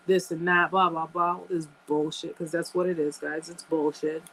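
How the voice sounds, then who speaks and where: A woman's voice: fairly low pitch, steady tone, moderate pace, few pauses, slight background noise, low-quality recording. A woman hosting a live chat, talking emphatically to her viewers, repeating phrases and calling them guys. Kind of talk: casual live-stream chat.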